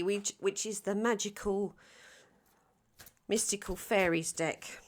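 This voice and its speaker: A tarot reader from London with a South London Cockney accent gives a casual, playful reading to camera, chatty and full of ums and restarts. Her mid-range voice has a fairly bright tone.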